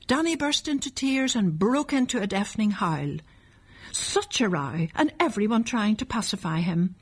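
A woman reads a children's storybook aloud in a breathy, gentle voice. Her pitch moves widely, lively as she shifts between the characters. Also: moderate pace.

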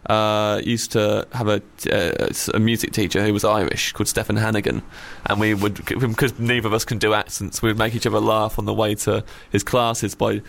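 A man's voice: lowish voice, flat delivery, fairly quick, vocal fry, hardly any pauses, a bit bright. A man hosting a podcast in a casual comedic chat, laughing often and teasing his guest. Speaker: podcast host.

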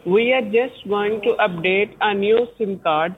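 A man on a thin, tinny phone line keeps insisting there is nothing to worry about. He speaks in a fairly high voice and presses the same points again and again. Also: a little slow. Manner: insistent, repetitive reassurance. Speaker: phone scammer.

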